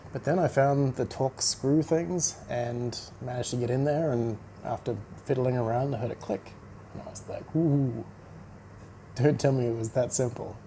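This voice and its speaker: Blunt sarcastic man with a mellow voice. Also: mid-range voice, a little hiss or hum, low-quality recording. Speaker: vlogger. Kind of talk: casual rant to camera.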